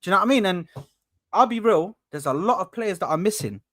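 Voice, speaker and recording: A young man hosting a casual football podcast, rambling and animated, swearing freely. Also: high-pitched, fast talker, no echo, clean studio sound. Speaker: podcast host.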